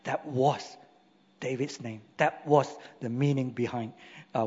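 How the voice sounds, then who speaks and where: A pastor preaches a sermon in a church hall, emphatic and full of rhetorical questions. His mid-range voice is unhurried, a little mellow and fairly even in intonation, recorded with long hall reverb and a dull lo-fi sound.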